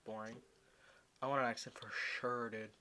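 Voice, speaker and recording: A man's voice: medium pitch, flat delivery, normal speed, pushed and bright, slight background noise. A young man co-hosting a casual podcast, joking, swearing freely and laughing often. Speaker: podcast co-host. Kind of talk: casual chat.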